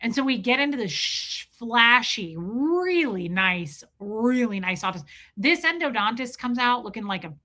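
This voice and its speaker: Chatty bright-voiced woman storyteller. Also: on the high side, very animated, moderate pace. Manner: chatty, heavy use of "like", emotional. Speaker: vlogger. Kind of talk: casual storytelling to viewers.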